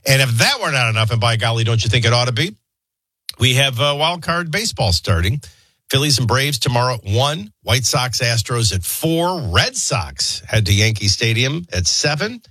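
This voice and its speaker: A man hosting a talk show, rambling through childhood anecdotes and a quick sports rundown. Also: medium pitch, very animated, bright, forceful tone, breathy edge, dry recording. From New Orleans area. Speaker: talk radio host. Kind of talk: casual storytelling and sports rundown.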